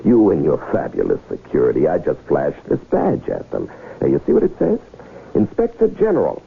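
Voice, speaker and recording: An actor playing a theatrical, smooth-talking con man in a 1970s radio drama, wheedling and teasing. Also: very deep voice, huge pitch swings, normal speed, slight background noise, full character voice. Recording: tinny old radio broadcast.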